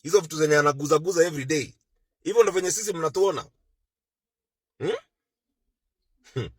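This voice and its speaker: Sarcastic Kenyan man, slightly husky. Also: fairly high pitch, a little fast, no echo, studio quality. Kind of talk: mocking social media commentary.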